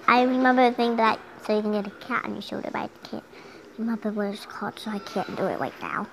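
A woman's voice: mid-range voice, fairly even intonation, fast, vocal fry, slight background noise, rough recording. A young girl casually talking through a game at home, chatty and giggly, sometimes humming along. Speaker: gameplay commentator. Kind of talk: casual gameplay commentary. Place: home room.

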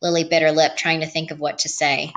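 A woman reading a novel aloud as an audiobook narrator, in a calm, even read-aloud manner. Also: low voice, a little fast, highs cut off. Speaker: audiobook reader. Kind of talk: storybook narration.

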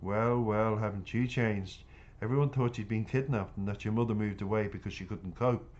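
A man voicing gruff street lad. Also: fairly low pitch, fairly even intonation, moderate pace, a little mellow, dull audio, lightly acted. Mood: teasing. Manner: gruff, commanding. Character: tough street-gang boy Buster, bossy.

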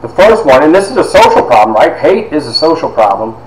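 Animated male storyteller in an echoey room. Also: on the high side, fairly quick, a little hiss or hum. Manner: animated storyteller, drops to hushed asides. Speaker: university instructor. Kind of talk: storytelling lecture to a class.

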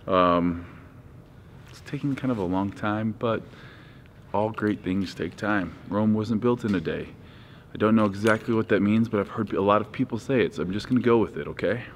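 Inside a gym, a man with a lowish voice films a casual fitness vlog, speaking at a moderate pace in a jokey, playful way. Long gym reverb and faint noise color the recording.

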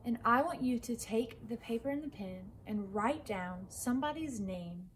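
Young woman, children's church teacher, storytelling, higher voice, faint room hum. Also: normal speed, low-quality recording. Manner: lively storytelling, often asks "right?". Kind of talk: Bible story lesson for kids.

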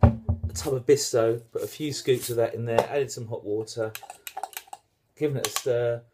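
Heavy background noise surrounds a British man's mid-range voice, delivered at normal speed with fairly even intonation. He hosts a casual home cooking demo in his kitchen for his channel, chatty and self-deprecating in his jokes.

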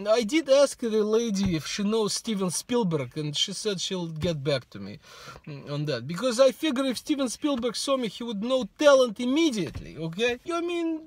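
Middle-aged Russian-accented man, high-pitched, deadpan self-mocking vlogger. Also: normal speed. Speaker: YouTuber. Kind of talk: casual vlog monologue to camera.

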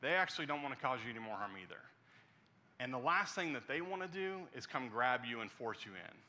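A man preaching a sermon as pastor, telling a personal story earnestly and dropping to a soft hush at the tender parts. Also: mid-range voice, lively intonation, brisk.

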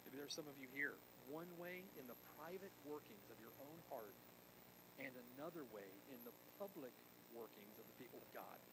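A male pastor preaching a sermon, swinging between quiet intensity and loud emphasis and tossing in rhetorical asides to the congregation. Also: medium pitch, animated, fairly quick, background noise.

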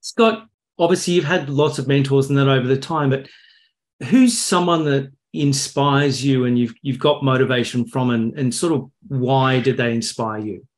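A man's voice: mid-range voice, moderate pace. A man hosting a casual interview, giving brief encouraging replies and asking questions. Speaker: interview host.

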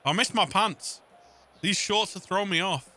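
A young man hosting a casual golf gameplay session, excitable, swearing and laughing often. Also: high-pitched, moderate pace. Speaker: gaming channel host. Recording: gameplay audio with faint music.

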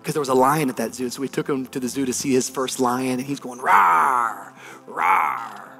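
A man's voice: mid-range voice, little pitch movement, quick pace, faint music behind. A man in his thirties, a pastor delivering a sermon, telling a story with animation and building to emphatic preaching.

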